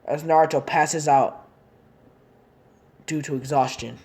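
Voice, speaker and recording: A woman's voice: low voice, fairly even intonation, slow pace, darkish tone. A woman casually narrating a fan-made story in long, rambling run-on sentences.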